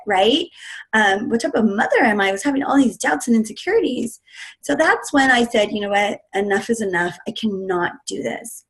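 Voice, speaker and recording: A woman's voice: fairly high pitch, rough recording. A woman in her thirties, a fitness coach, telling her personal story in an earnest, emotional way during a webinar talk. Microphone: webinar computer mic.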